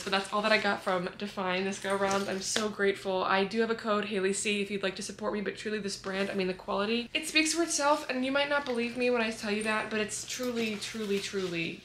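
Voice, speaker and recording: A woman in her twenties chatting casually to her phone camera at home, gushing and excitable, swearing freely as she shows off her haul. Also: medium pitch, slight background noise. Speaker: fitness vlogger. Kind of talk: casual vlog chat.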